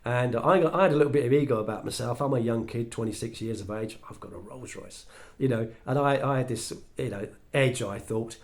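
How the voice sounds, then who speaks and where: Man, English accent, storytelling monologue, animated, mid-pitched voice. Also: fairly quick. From England. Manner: animated, acts out quoted dialogue. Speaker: speaker sharing his story.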